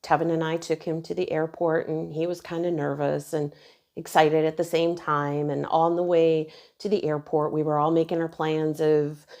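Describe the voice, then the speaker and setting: Low gravelly woman telling her story. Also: little pitch movement, moderate pace. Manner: earnest, emotional retelling, quoting others softly. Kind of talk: personal storytelling.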